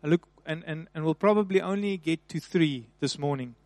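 A male pastor preaching a sermon, repeating and slowly stressing key phrases with rising emphasis. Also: a little high, a little mellow, no echo.

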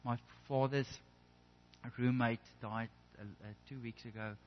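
A man's voice: mid-range voice, steady tone, unhurried, slight background noise. A man preaching a sermon in an earnest way, often restarting and repeating words as he builds a point. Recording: echoey hall, dull lo-fi sound.

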